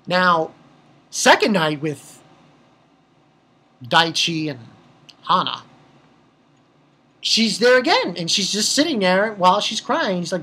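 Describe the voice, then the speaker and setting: A woman with a husky, somewhat breathy voice talks through an anime episode in a loose, unscripted recap. She rambles, swears freely and often trips over her own sentences before pressing on. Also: medium pitch, expressive, slow pace, pauses often, a bit bright. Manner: rambling and profane, with many restarts. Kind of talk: casual spoken episode recap.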